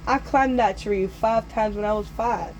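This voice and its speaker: A man's voice: high-pitched, a little slow, dull audio, slight background noise. A young male storyteller voicing his cocky, reckless older brother in a brash, boastful way.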